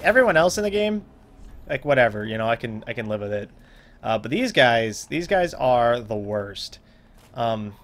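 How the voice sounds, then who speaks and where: A man's voice: medium pitch, a bit bright, a little hiss or hum. A young man casually commenting on his own gameplay, rambling, joking at himself and trailing off into mumbles. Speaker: let's play host.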